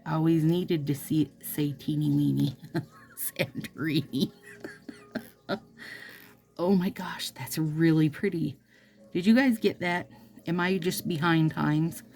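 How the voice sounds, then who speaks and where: This woman from Minnesota has a deep, somewhat mellow voice and speaks at a measured pace, with faint music behind her. Applying nail strips, she chats casually to her viewers in a rambling, playful way with asides, as a nail vlogger.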